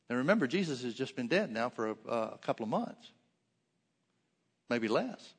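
A man's voice: medium pitch, sing-song, moderate pace, vocal fry, pauses often, breathy edge, long reverb tail. A man teaching a sermon, reading Bible verses aloud and explaining them in plain talk with frequent restarts. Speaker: preacher.

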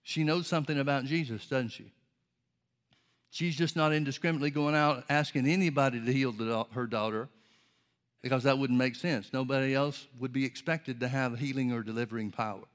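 A man preaching a sermon, explaining scripture in a measured way and reading old-style Bible verses aloud. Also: medium pitch, steady tone.

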